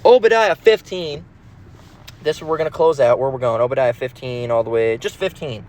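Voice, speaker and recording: A man's voice: medium pitch, brisk, darkish tone. A man preaching in a casual, emphatic, profane manner, reading scripture and rambling with restarts, recorded in a car. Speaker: religious teacher.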